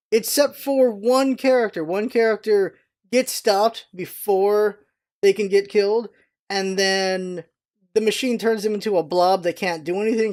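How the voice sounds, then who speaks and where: Rambling vlogger in their thirties. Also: a little mellow. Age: 30s. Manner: chatty and meandering, with frequent restarts and jumps in pitch. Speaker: vlog host. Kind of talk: casual rambling vlog talk.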